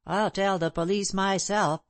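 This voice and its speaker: A woman reading the part of a proud, bitter gentleman who speaks in a sneering, clipped way. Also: mid-range voice, steady tone, a little slow, no echo, lightly acted. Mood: scornful. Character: proud bitter middle-aged gentleman, scornful.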